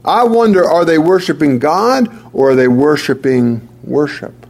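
A man's voice: fairly high pitch, animated, a little slow, a little mellow. A man preaching a sermon, emphatic and repetitive, often restarting his words. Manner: emphatic, repeats key phrases, stammering restarts.

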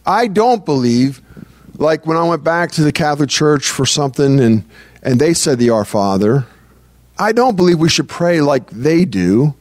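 A man's voice: on the high side, expressive, moderate pace, dry recording. A man preaching a conversational sermon as pastor. He speaks earnestly and breaks into prayer as he teaches. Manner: earnest, prays aloud mid-talk.

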